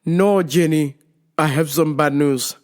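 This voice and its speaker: A woman voicing her older father, who speaks in a calm, mild, matter-of-fact way. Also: low voice, takes it slowly, voice pushed down. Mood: apologetic.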